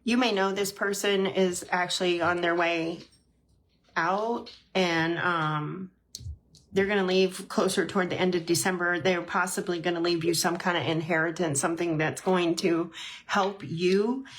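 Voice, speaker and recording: A woman's voice: on the low side, steady tone, moderate pace, fairly bright tone. A woman hosting a casual live-stream tarot reading, chatty and heartfelt, with frequent ums and restarts. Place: at home.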